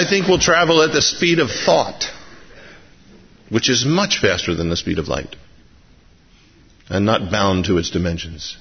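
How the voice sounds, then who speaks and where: A man preaching a sermon in a church, excitable and rising to emphatic appeals. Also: medium pitch, husky, muffled recording. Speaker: pastor. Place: church sanctuary.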